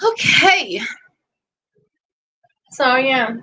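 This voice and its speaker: A woman's voice: sits high, very animated, drawn-out words, pushed and bright, poor audio. A woman hosting a casual livestream, rambling chattily and breaking off to scold or coo at her dog outdoors. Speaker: livestream host. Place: outdoors in a yard.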